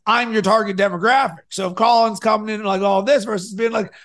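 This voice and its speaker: A man hosting a podcast and coaching his guest, energetic, swinging between loud and soft to make his points. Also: high voice, fairly quick, few pauses. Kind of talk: coaching conversation.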